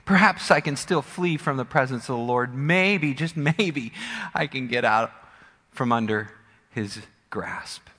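A preacher voicing a hushed, brooding prophet. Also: male voice, measured pace, husky. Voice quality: low, hushed and reflective. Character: remorseful male prophet, brooding inwardly. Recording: long church hall reverb.

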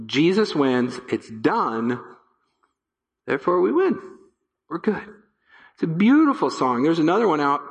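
A male pastor preaching a sermon to his church, emphatic, repeating key phrases and dropping to a low hush. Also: in a large hall. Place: church sanctuary.

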